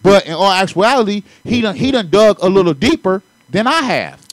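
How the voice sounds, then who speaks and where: A man's voice: sits high, sing-song, a little fast, dry recording. Insistent man debating hotly. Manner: insistent, repeats "you feel me?". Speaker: debater in a podcast discussion. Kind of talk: heated casual debate.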